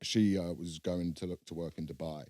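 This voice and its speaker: A man's voice: low voice, steady tone, normal speed, warm tone, dry recording, clean studio sound. A young man, co-hosting a podcast in loose, joking banter and swearing freely. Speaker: podcast co-host. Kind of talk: casual banter.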